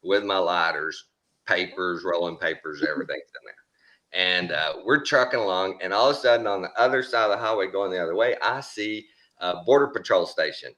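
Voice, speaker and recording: Deep-voiced Texan man telling stories. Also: a little fast, pushed and bright. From Texas. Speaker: storyteller. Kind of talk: casual storytelling.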